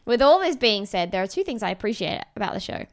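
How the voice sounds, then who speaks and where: A woman's voice: mid-range voice, sing-song, fast talker. A woman co-hosting a casual comedy chat, reading a review aloud with dry emphasis and laughing often. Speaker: podcast co-host reading a review.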